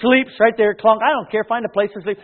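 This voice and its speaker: A man preaching a sermon, reading scripture and telling a Bible story with animated acted voices. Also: high-pitched, fast talker. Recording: tinny phone-like sound.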